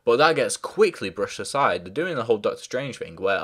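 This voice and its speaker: A man's voice: medium pitch, very animated, a little fast, hardly any pauses, a bit bright, breathy edge. A man giving a casual spoken review, rambling with many fillers and restarts and stopping to apologise when he forgets names. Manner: loses track of names, apologises. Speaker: show reviewer.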